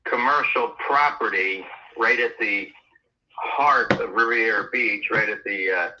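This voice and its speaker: A hesitant man heard over a dull, muffled phone line. He speaks very slowly, stopping and restarting often. His tone is bright and forceful underneath the hesitation. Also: lowish voice, a little hiss or hum. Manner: hesitant, halting, many fillers and throat clears. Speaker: home seller on a call. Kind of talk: phone conversation.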